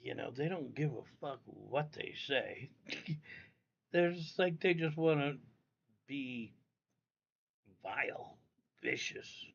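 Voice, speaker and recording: Guy on a lo-fi home stream, gravelly voice, cussing and rambling at his chat. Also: mid-range voice, lively intonation, slow pace, long pauses. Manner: profane, meandering, talks straight to viewers. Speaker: livestream host. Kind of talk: rambling casual livestream chat. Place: indoors at home. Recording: dull lo-fi audio.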